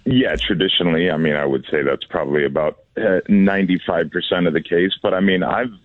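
A man with a very deep voice speaks as a radio guest. He talks earnestly, stumbling and repeating words as he explains things. His voice comes through a tinny, phone-like line. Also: fairly quick, no echo. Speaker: tour company founder, radio guest. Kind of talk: casual radio interview.

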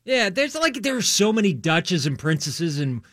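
A man's voice: sits high, very animated, moderate pace, fairly bright tone, no echo, studio quality. An American man with a joking, mock-indignant manner, chatting casually as a co-host. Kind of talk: casual banter.

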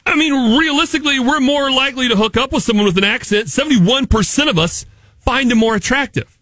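A man's voice: very high-pitched, brisk, pushed and bright, dry recording. A man hosting a comedic morning radio show, jokey and goofy, with an American accent.

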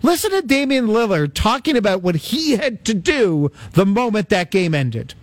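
Guy hosting sports talk, kinda high voice, dry close mic, sarcastic rambly banter. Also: very animated, normal speed, dry recording. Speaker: sports radio host.

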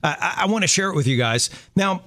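A man's voice: sits high, expressive, fast, fairly bright tone, no room sound. Easygoing male radio host, dry studio sound. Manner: easygoing, joking, laughs often. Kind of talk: casual faith radio chat.

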